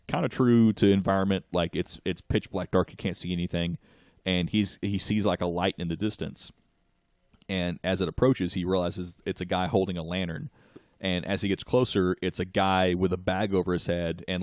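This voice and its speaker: Man, podcast co-host, rambling casual storyteller, low voice, dry sound. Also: dry recording. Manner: rambling storyteller, many fillers. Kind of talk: casual chat.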